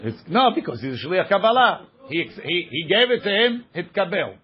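A man's voice: high-pitched, sing-song, moderate pace, highs cut off. A man teaching a daily page of Talmud, reading the passage aloud and explaining it line by line.

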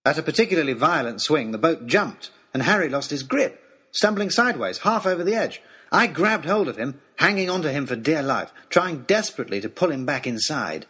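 A man narrating an adventure story in an expressive, dramatic reading style. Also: fairly high pitch, brisk, husky.

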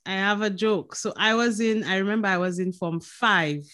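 A woman with a Saint Lucian accent, a podcast co-host telling lively stories in casual chat, laughing and swearing freely. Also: mid-range voice, moderate pace.

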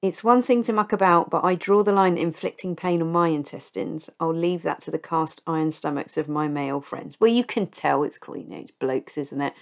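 Low, creaky, and brisk, she barely pauses while hosting her podcast. This middle-aged woman spills stories of her past blunders casually, teasing herself and laughing at them.

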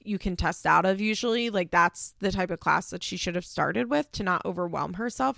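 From home, a woman hosts a casual podcast recapping a reality show, rambling with lots of "like," laughs and the occasional swear. Her lowish, slightly bright voice ends phrases in heavy gravelly fry, recorded close and dry without echo.

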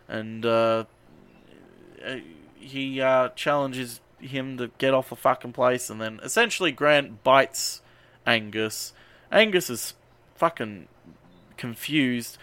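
Profane, rambling podcast recapper. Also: male voice, medium pitch, slow, pushed and bright, smooth, no room sound. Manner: rambling, profane, many ums and uhs. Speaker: podcast host. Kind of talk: casual movie recap.

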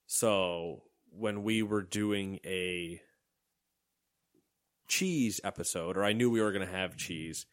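A man's voice: sits low, slow. A young man co-hosting a podcast in casual, rambling chat and laughing often. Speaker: podcast co-host.

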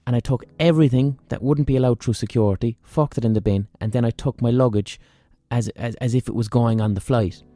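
Irish male podcast host, mellow dark tone, dry close-mic sound with faint music under it; rambling, sweary, self-mocking storyteller. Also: mid-range voice, brisk, few pauses, no room sound. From Ireland. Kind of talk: casual storytelling monologue.

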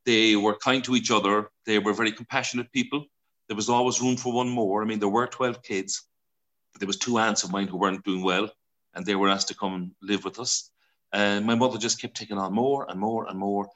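An Irish man in his sixties, a broadcaster telling stories as an interview guest, chatty and quick to laugh, acting out voices as he goes. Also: on the low side, fairly even intonation, a bit bright. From Ireland. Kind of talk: casual storytelling interview.

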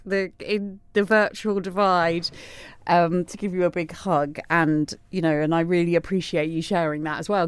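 A woman hosting a podcast, talking in an effusive, halting way with many restarts. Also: on the low side, fairly even intonation, clear, resonant tone, no room sound. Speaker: podcast host. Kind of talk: podcast interview and outro.

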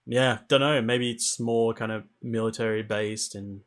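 A man's voice: lowish voice, steady tone, unhurried. Laid-back man chatting about games. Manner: laid-back, swears casually, laughs often. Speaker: streamer co-host. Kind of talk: casual gaming chat.

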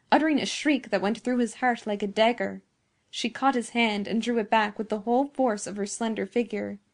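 A woman narrating a classic story in a measured, expressive reading. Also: fairly high pitch, gravelly. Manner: measured, expressive reading of old-fashioned prose. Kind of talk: scripted narration.

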